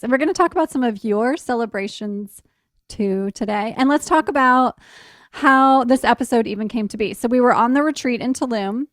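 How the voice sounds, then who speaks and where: A woman's voice: fairly high pitch, no room sound, studio quality. A woman hosting a podcast, guiding a casual interview and filling in context for listeners. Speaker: podcast host.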